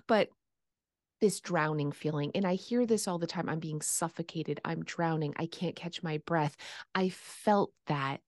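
A woman hosting a podcast, talking in a chatty, animated way with lots of fillers over a video call. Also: medium pitch, no room sound, studio quality. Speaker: podcast host. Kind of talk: casual interview chat.

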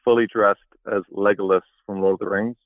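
A man's voice: fairly low pitch, flat delivery, brisk, no room sound. Hesitant male caller on a tinny phone. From England. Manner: soft-spoken, hesitant. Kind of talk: phone-in conversation.

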